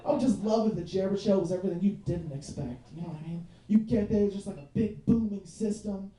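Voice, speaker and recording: A young man works a small club crowd with a loose, profane stand-up set, constantly checking in with "you know what I mean". His voice is mellow and relaxed. The sound is roomy and a little distant from the mic. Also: high voice, fast. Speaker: stand-up comedian.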